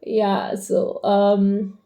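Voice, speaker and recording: A young woman chatting casually in a rambling diary vlog, full of fillers, swinging between animated and flat delivery. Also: mid-range voice, drawn-out words. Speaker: vlogger.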